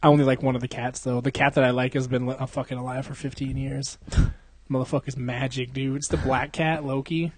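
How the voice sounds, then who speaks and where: A man's voice: mid-range voice, flat delivery, fairly quick, dry recording. A young adult man chatting casually, rambling through crude stories full of swearing and frequent laughter. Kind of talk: casual chat.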